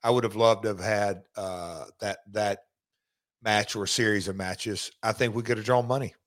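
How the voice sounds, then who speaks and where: Halting middle-aged man. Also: on the low side, steady tone. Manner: halting, many restarts and fillers. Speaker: podcast host. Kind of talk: casual chat.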